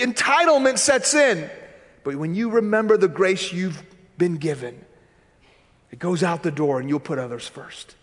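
A man with a high voice preaches to his congregation, storytelling with animated asides and quick voices for the people in his tale. His words ring with the long reverb of a large sanctuary. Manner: animated, conversational, acts out quoted voices. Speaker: pastor. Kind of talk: sermon with storytelling.

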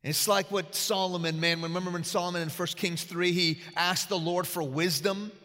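A male pastor preaching a sermon, telling stories with loud emphatic peaks and quiet asides. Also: high-pitched, steady tone, moderate pace, long reverb tail.

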